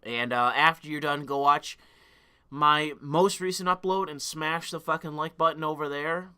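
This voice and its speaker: A man's voice: a little high, fairly even intonation, normal speed, pushed and bright, clean tone. A young man hosting a livestream, talking in a profane, heated rant with stammering restarts. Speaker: livestream host. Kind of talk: ranting livestream monologue.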